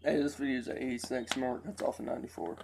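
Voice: mid-range voice, fairly even intonation, quick pace, noisy background. Laid-back, swearing co-host. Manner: profane, laid-back interjections. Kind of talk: casual chat.

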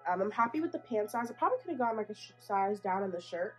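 Over soft background music and poor audio, a young woman fashion vlogger talks fast in a medium-pitched voice during a clothing try-on haul. Hot and a little out of breath, she's sassy, blunt, and animated, calling her viewers sweetie.

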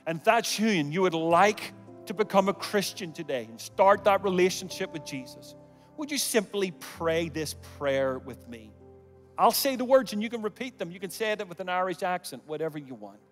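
A man preaching a sermon and leading an altar call, swinging from loud calls to hushed near-whispers, with humorous asides. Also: high-pitched, expressive, normal speed, big-room sound, soft background music. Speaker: guest preacher. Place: large church auditorium.

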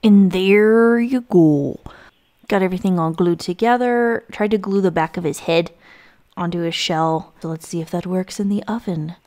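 A woman's voice: fairly low pitch, brisk, a little mellow, a little hiss or hum. A woman hosting a crafting video, narrating her clay project in a casual, chatty, self-deprecating voice-over with filler words.

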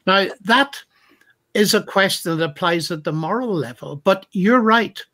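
A man's voice: high-pitched, animated, a little slow, sharp tone. A man speaking as a Christian apologist in a thoughtful discussion, reflective and retelling stories with acted-out quotes.

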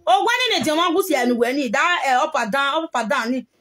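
Nigerian woman, high voice, heated live-video rant. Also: expressive, quick pace, fairly bright tone. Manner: heated, scolding, mixing pidgin and local language.

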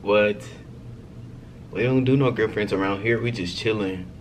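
A man's voice: on the low side, unhurried, noisy background. A young man vlogging a text prank, chatting casually and playfully to his viewers, laughing often. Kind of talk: casual talk to camera.

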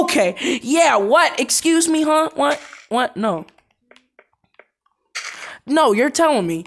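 A woman commentating her own gameplay in an unhurried, drawn-out way, her pitch swinging widely as she gets excited. She breaks into shouts and laughter often. A faint noise sits under her voice. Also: gravelly. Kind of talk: let's play commentary.

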